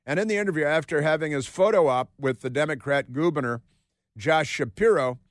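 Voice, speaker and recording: A man's voice: a little high, a little fast, no room sound. A man hosting a talk radio show, delivering a sarcastic, rambling opinion monologue in a studio. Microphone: studio microphone.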